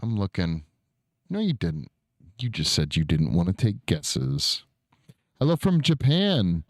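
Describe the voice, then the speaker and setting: A man's voice: low-pitched, very animated, measured pace, dry recording, studio quality. A man hosting a casual livestream, reading chat aloud and answering viewers, with easy swearing. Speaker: streamer.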